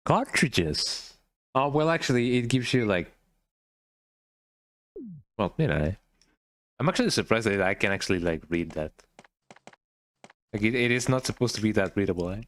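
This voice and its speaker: A man's voice: lowish voice, expressive, normal speed, pauses often, a bit bright. A young man, casually commenting as he plays a game and rambling on with "eh?" tags. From Mexico. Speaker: gaming streamer.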